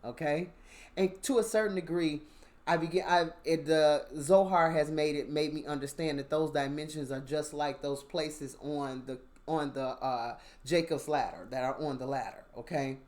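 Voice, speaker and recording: Lower-pitched woman telling a spiritual story. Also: moderate pace. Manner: animated, conversational, asks listener "you understand?". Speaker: spiritual vlogger. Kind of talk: casual storytelling monologue.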